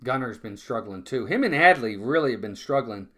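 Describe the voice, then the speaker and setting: A man's voice: mid-range voice, expressive, brisk, pushed and bright. A man calling live baseball play-by-play in a casual, chatty way, often repeating words and talking to his viewers. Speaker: fan play-by-play streamer.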